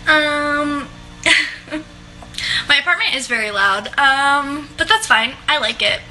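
A woman's voice: high voice, slow pace, pushed and bright, soft background music, low-quality recording. A young woman chatting casually to her viewers on a livestream from her apartment, laughing often and filling her talk with likes and ums. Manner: giggly, laughs often, filler-heavy chatter. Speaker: online seller hosting a livestream. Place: home apartment.

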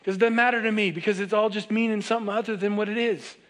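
A pastor with a high, light voice delivers a sermon in an easygoing, animated way. He speaks directly to the people in front of him and keeps checking that they follow along. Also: quick pace. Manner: conversational, animated preaching with repeated direct appeals to the congregation; acts out quoted voices of others.

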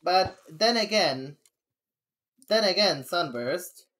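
A woman's voice: lowish voice, animated, slow, fairly bright tone. A young adult woman streaming, chatting casually and venting candidly, rambling with frequent laughs. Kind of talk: casual live-stream chat.

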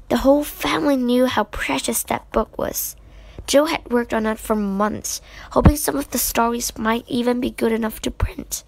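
A woman reading a children's book aloud in an unhurried way, with small slips. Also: on the high side, vocal fry, no echo. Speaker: storybook reader.

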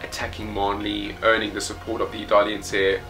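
A man voicing an accusing young male comrade from a comic, in a low, pointed read. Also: monotone, brisk, music in the background, lightly acted.

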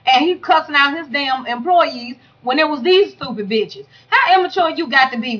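Casting: woman vlogger, bright and fairly high voice, blunt and profane, muffled lo-fi audio. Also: normal speed. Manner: profane, blunt, animated ranting. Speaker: YouTube commentator reviewing a reality show reunion. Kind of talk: casual ranting commentary. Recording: dull lo-fi audio.

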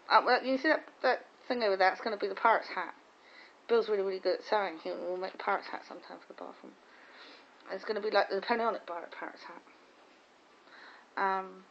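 A woman's voice: medium pitch, slight background noise. A woman in casual chat, telling rambling, gossipy stories full of restarts. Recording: dull lo-fi recording.

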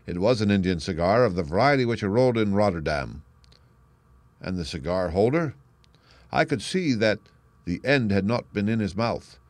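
A male audiobook narrator with a fairly low voice, reading a classic tale steadily and clearly. The sound is close and dry, with no room around it. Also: expressive, normal speed, dry recording. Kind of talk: scripted narration.

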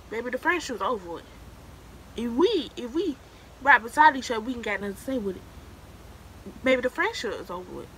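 A woman's voice: on the high side, slight background noise, rough recording. A young woman in her late teens giving casual, emphatic advice to the camera, repeating herself for emphasis and calling the listener "baby". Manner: emphatic and preachy, keeps calling the viewer "baby". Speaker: vlogger giving advice to new students.

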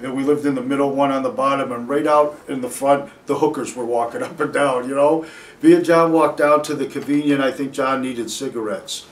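A man's voice: medium pitch, fairly even intonation, brisk, far from the mic, slight background noise. A man being interviewed, telling a casual anecdote in a rambling, profane way, breaking off and restarting his sentences. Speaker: interview guest. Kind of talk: casual storytelling. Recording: echoey room, voice from away from the mic.

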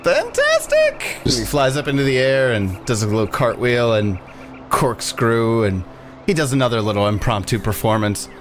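A man narrating a tabletop game as game master, telling the scene in an animated way. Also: medium pitch, moderate pace, slight background noise. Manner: animated storytelling.

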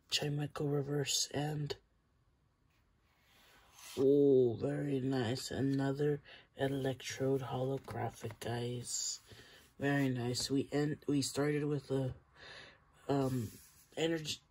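Slow, gravelly-voiced card-opening host. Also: mid-range voice. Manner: chatty, keeps addressing viewers as guys, bursts of excitement. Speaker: channel host. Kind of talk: casual card-opening commentary.

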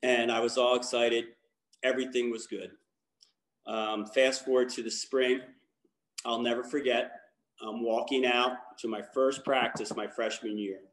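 A man's voice: mid-range voice, flat delivery, a little slow, fairly bright tone, roomy sound. A man from Baltimore giving a candid personal testimony as a guest speaker, talking in a rambling way with many fillers and restarts. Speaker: guest speaker, lacrosse coach.

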